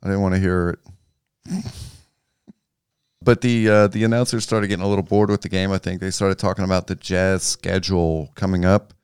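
A man with a deep, very smooth voice chats casually about a basketball game. His talk is relaxed and loose, and the sound is dry and close. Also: normal speed, pauses often, no echo. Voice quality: relaxed, restarts and trailing phrases. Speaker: podcast co-host. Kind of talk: casual sports chat.

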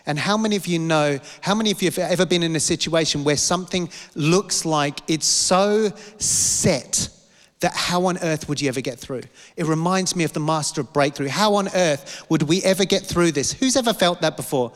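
A man's voice: on the high side, normal speed, long reverb tail. A man preaching a sermon with passion, repeating lines and asking rhetorical questions. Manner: impassioned, repetitive, rhetorical questions.

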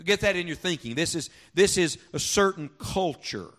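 A man preaching from the pulpit with a somewhat high voice. He keeps throwing rhetorical questions at the congregation and gets them to call back to him. His delivery swings from punchy, loud emphasis to soft, low reflection. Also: lively intonation, normal speed. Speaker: pastor. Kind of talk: sermon. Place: church sanctuary before a congregation.

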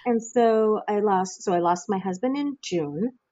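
A woman's voice: mid-range voice, unhurried, no echo, lo-fi sound. A middle-aged woman from the American Midwest, frankly telling her own life story as an interview guest and acting out the voices of people she quotes. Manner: frank, acts out quoted voices with lively jumps. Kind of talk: candid personal storytelling.

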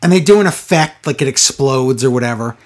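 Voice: mid-range voice, lively intonation, fairly quick. A podcast host in loose, casual chat, recapping a show with biting sarcasm. The delivery is exasperated and mocking, and often drags out the words for effect. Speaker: podcast co-host reviewing wrestling.

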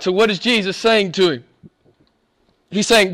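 A male pastor preaching a sermon, emphatic, swinging between loud exclamations and hushed asides. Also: sits high, fairly even intonation, measured pace, long pauses.

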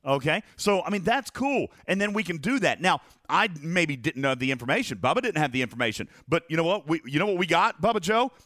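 A male podcast host chats playfully with a co-host and his audience, his voice a little hoarse. His tone is bright and forceful, and his pitch swings widely. The sound is dry and close, with faint music underneath. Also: fairly quick, hardly any pauses, dry recording. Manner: animated, playful, chatty with a co-host. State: losing his voice. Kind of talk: casual live-stream podcast chat.

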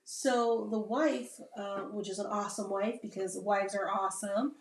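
Woman, Navy veteran, casual rambling chat with constant "right?" tags, pitched mid-range, recorded off-mic in an echoing room. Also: steady tone, measured pace. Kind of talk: casual podcast conversation. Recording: roomy sound from a distant mic.

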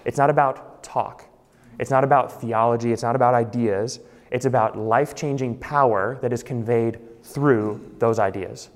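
A male pastor preaches with emphasis and lands on key phrases by repeating them. His voice sits at an ordinary middle pitch. It rings out with the long reverb of a large hall. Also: steady tone, normal speed. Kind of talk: sermon.

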